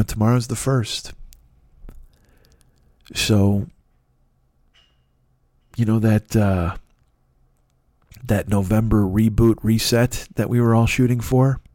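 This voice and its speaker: A man's voice: lowish voice, dark tone, dry recording. A man hosting a podcast in a casual solo monologue, rambling and self-critical with many restarts. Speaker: podcast host.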